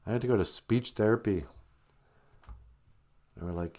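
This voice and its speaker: A man's voice: fairly low pitch, normal speed, long pauses. Joking man hosting a live podcast. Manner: joking, laughs often, animated. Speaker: podcast host. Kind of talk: casual livestream chat.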